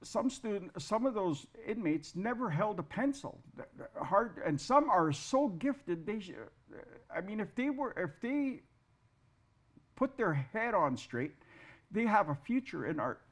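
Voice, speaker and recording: Halting, rambling male artist guest. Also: high-pitched, expressive. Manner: halting, repeats words, self-deprecating humor. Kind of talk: casual interview talk.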